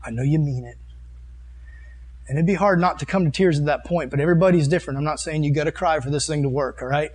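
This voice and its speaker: A man's voice: on the high side, fairly even intonation, very fast, hardly any pauses, husky. Earnest man preaching a casual sermon. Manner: reads and comments on scripture verses. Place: meeting room with a live audience.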